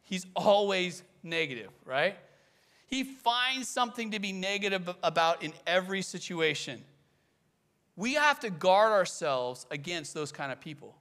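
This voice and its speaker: Bright, high-voiced man preaching. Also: unhurried. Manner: animated preaching, acts out quoted voices. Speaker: pastor. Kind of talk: sermon.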